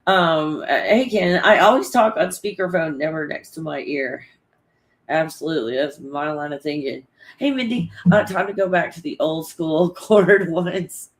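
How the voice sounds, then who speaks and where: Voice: medium pitch, normal speed. A livestream host chatting casually with viewers and reading out their comments, in a rambling, loose manner that is full of swearing and frequent laughter.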